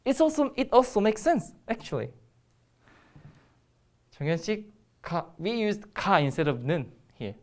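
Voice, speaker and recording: A woman's voice: mid-range voice, big pitch swings, fairly quick, pauses often, a little mellow. A woman with a Korean accent teaching a Korean grammar lesson in English, explaining step by step with frequent ums and restarts.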